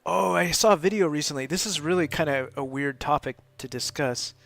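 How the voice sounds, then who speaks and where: Gravelly chatty man streaming a game. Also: a little high, brisk, fairly bright tone. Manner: rambling, chatty, laughs often. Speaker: host of a live gaming stream. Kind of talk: casual gameplay commentary.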